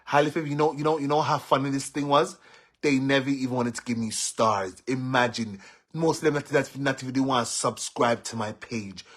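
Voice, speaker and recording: A Jamaican man venting on a live stream, agitated, with stammering repeats and swings between loud outbursts and low muttering. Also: steady tone, fairly quick. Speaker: social media personality.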